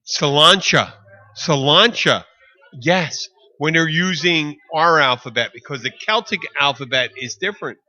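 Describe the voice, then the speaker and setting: A man co-hosting a casual podcast, riffing and swearing in an animated way. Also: fairly high pitch, lo-fi sound. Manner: animated, swearing, quick to riff. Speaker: podcast co-host. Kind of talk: casual chat.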